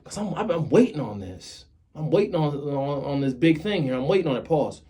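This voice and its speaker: In a casual motivational talk to his viewers, a man in his thirties speaks with a fairly high, expressive, mellow voice at a brisk clip. He's earnest and keeps repeating key phrases to hammer his point home.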